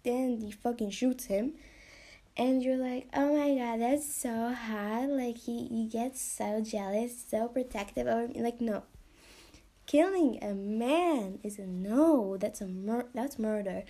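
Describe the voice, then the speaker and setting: With a warm, high-leaning voice and a measured pace, this young podcast host chats in a loose, rambling way. She uses lots of fillers and curses, occasionally lowering to a whisper.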